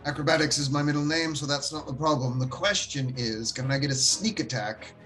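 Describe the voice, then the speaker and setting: A man's voice: a little high, brisk, a bit bright, soft background music. A man playing a tabletop game, describing his character's moves with playful, boastful, theatrical flair. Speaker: player. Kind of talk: tabletop role-play.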